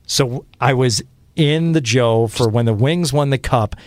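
A man's voice: mid-range voice, measured pace, no room sound, clean studio sound. A man in his fifties from Michigan, a radio host telling stories in a rambling way with many fillers. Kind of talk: casual podcast interview.

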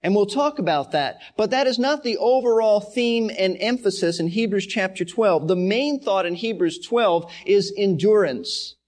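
Man, higher-pitched pastor, verse-by-verse Bible teacher, earnest, leans hard on key words. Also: expressive, moderate pace, few pauses, a little mellow. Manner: earnest, emphatic, repeats key words for stress.

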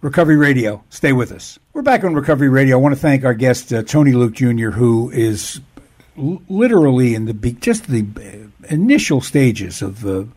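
Husky radio host, full of fillers. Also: male voice, medium pitch, sing-song, normal speed, darkish tone. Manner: filler-heavy, stumbling over words. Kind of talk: radio talk show hosting.

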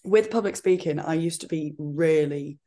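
A woman with a regional accent, a fitness coach chatting as a podcast guest, talking in an animated way with lots of "like". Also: low-pitched, normal speed. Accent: regional accent she calls her own. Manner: chatty, frequent "like" fillers, animated retelling. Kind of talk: casual interview chat.

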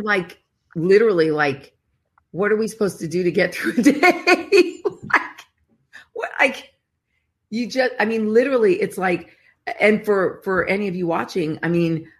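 A woman's voice: medium pitch, lively intonation, a little slow, pauses often, fairly bright tone. A woman co-hosting a casual faith conversation, talking earnestly and searchingly, with many "I mean, literally" asides. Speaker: co-host of a faith talk show.

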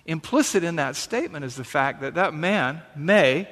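Guy preaching in a church, chatty and emphatic, voice on the higher side, big echoey hall. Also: lively intonation, moderate pace, hardly any pauses, a bit bright. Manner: conversational preaching, emphatic repetitions. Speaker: pastor. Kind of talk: sermon with scripture reading.

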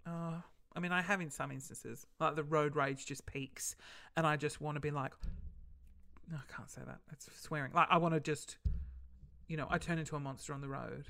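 A man's voice: a little high, fairly even intonation, moderate pace, gravelly, pushed and bright. A man hosting a casual solo podcast, rambling and easily sidetracked. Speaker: podcast host.

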